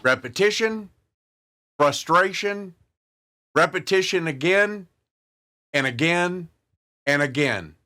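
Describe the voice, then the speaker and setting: A man's voice: sits high, animated, slow pace, long pauses, bright, forceful tone. A man, a guitar channel host talking casually to the camera in an earnest, folksy way and repeating his points. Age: 60s.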